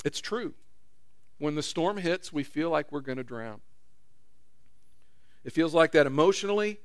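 A man's voice: on the high side, lively intonation, a little slow, dry recording, studio quality. A man preaching a sermon in a conversational way, acting out quotes with rising intensity. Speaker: pastor.

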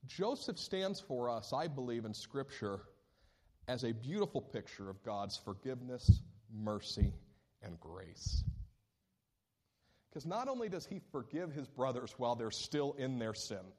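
A male pastor preaching a sermon, moving between animated high-pitched questions and slow, deliberate scripture reading. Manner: reads scripture aloud slowly and deliberately.

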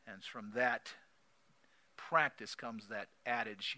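A man preaching a sermon, repeating key phrases emphatically and swinging between loud declarations and soft asides. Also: a little high, lively intonation, a little slow. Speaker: pastor.

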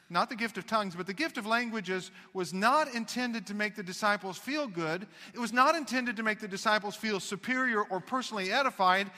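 A man's voice: high-pitched, bright, forceful tone, long reverb tail. A man preaching a sermon, emphatic, with folksy asides. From United States. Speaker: pastor.

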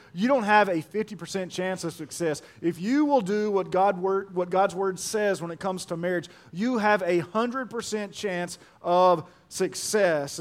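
A middle-aged man preaching a sermon as pastor, animated and joking, repeating key phrases for emphasis. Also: sits high.

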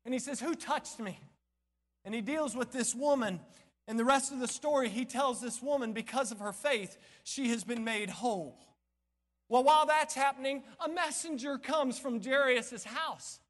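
A man pastor preaching a sermon in a church, impassioned, swinging between shouting and near-whispering. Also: extremely high pitch, moderate pace. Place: church sanctuary. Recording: long church hall reverb.

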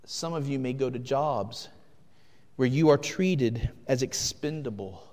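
A man preaching a sermon, earnest, swinging between loud urgent passages and hushed ones. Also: medium pitch, lively intonation, unhurried, in a large hall. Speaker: pastor.

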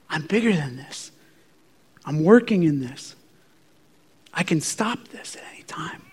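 A man's voice: high voice, a bit bright. A male pastor preaching a sermon in an earnest, repetitive way, sometimes dropping to a near-whisper.

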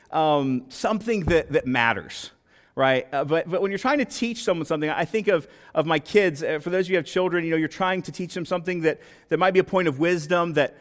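A middle-aged man giving a casual sermon in a conversational, halting way, often restarting his sentences. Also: a little high. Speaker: lay preacher.

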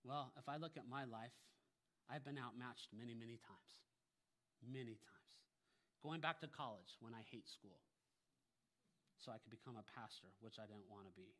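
Bright-voiced man preaching a sermon. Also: medium pitch, moderate pace, long pauses. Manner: emphatic, asks the congregation rhetorical questions. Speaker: pastor.

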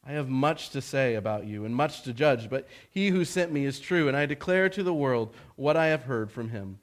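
A man reading aloud the words of a calm, authoritative male teacher in a measured, plain way. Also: medium pitch, lightly acted. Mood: solemn.

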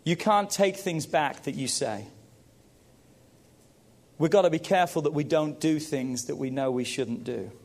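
A man's voice: a little high, measured pace, pauses often, darkish tone. A middle-aged man preaching a sermon to parents, emphatic, repeating phrases and calling out to the congregation. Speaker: pastor.

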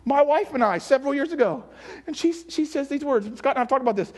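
A man's voice: very high voice, expressive, quick pace. A male pastor preaching a sermon in a church, emphatic, repeating phrases and firing rhetorical questions at the congregation.

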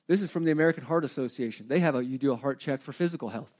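A middle-aged man preaching a sermon in a conversational, animated way, with asides and light humor. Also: medium pitch, rapid-fire, few pauses. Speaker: pastor.

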